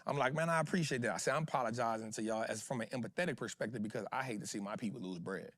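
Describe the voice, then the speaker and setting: A man's voice: fairly low pitch, rapid-fire, a bit bright, no echo. A man hosting an investing show in casual livestream talk, slangy and emphatic, throwing rhetorical questions at his viewers.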